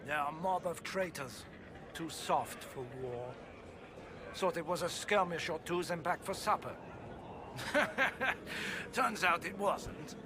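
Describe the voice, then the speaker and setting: An actor playing a weary middle-aged male army marshal who talks formally and gruffly and scorns rebels. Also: on the high side, animated, slow, pauses often, background noise. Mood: scornful.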